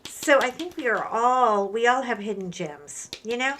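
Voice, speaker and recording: Woman, 50s, craft-channel host; candid, animated chatter while working at home. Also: on the high side, measured pace, slight background noise. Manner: chatty and candid, animated retellings with rising emotion. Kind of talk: casual chat while crafting.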